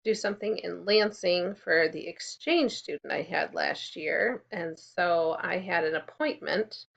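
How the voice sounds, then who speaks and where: Slow, gravelly-voiced kindergarten teacher. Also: female voice, lowish voice, a bit bright, lo-fi sound. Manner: slow, clear, encouraging, prompts children to repeat. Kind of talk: recorded remote class lesson.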